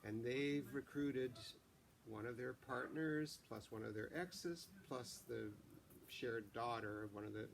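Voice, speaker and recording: A man, the author, chatting haltingly about his novel and then reading passages aloud. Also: medium pitch, gravelly, slight background noise. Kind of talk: book reading and chat.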